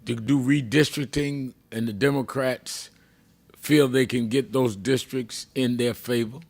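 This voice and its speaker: An older man hosting a radio talk show with a slow, emphatic, measured delivery. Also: medium pitch, steady tone, vocal fry.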